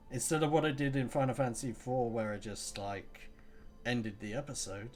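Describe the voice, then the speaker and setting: A woman's voice: very deep voice, darkish tone. A woman casually commenting on a game as she plays, chatty and jokey and reacting aloud to what happens on screen. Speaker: let's play gamer.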